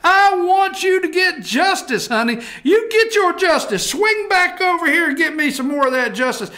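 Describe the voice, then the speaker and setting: A rowdy, leering good ol' boy hollers in a high, bright drawl, as a man puts him on. His voice is tense and cutting. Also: sing-song, moderate pace, exaggerated voice. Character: rowdy Texas man yelling at a stripper.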